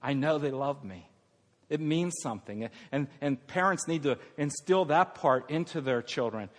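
A man's voice: fairly high pitch, normal speed. Older male pastor preaching in a reverberant hall. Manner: swings from hushed tender lines to loud emphatic preaching. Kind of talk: sermon. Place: church sanctuary. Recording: long reverb of a church hall.

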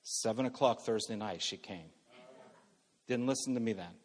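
A middle-aged male pastor preaching a sermon earnestly, moving between loud emphasis and soft, hushed passages. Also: fairly low pitch, normal speed, big-room sound.

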